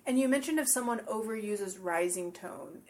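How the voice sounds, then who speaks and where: A woman co-teaches English pronunciation in a friendly back-and-forth chat. She agrees readily and keeps the lesson moving with questions in a voice of middle pitch. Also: expressive, normal speed, darkish tone. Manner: agreeable, asks guiding questions.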